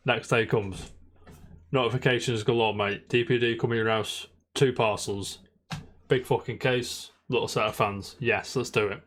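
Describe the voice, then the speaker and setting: A man's voice: medium pitch, steady tone, normal speed, fairly bright tone, slight background noise. A man co-hosting a casual podcast, telling a long rambling story and swearing constantly. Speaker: podcast co-host. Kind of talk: casual chat.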